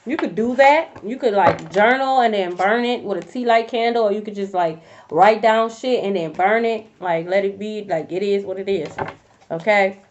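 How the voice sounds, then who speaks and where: A woman's voice: medium pitch, moderate pace, a little hiss or hum. A woman giving a tarot reading in a casual, blunt and profane rant. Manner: blunt, profane, fired-up talk. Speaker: tarot reader. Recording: dull lo-fi audio.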